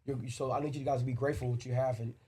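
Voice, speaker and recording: A man's voice: mid-range voice, flat delivery, rapid-fire, warm tone, breathy edge. A man co-hosting a podcast, talking earnestly and emphatically about raising his two boys, often repeating himself. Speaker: podcast co-host. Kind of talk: casual chat.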